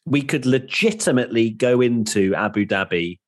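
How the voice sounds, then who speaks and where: A man's voice: medium pitch, lively intonation, moderate pace. A man hosting a casual podcast chat, chatty and upbeat with jokey asides. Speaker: podcast host.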